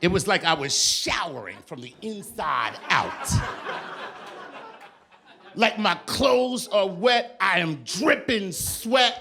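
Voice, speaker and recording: A man doing a stand-up comedy set on stage, telling a story in an animated, profane, exasperated way. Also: sits high. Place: on stage before a live audience.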